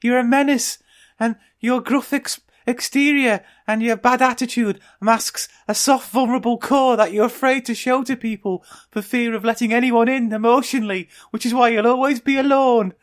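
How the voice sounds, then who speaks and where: A man voicing a chirpy, fussy male duck in a high put-on voice for a comic improvised story. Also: steady tone, moderate pace. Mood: preachy.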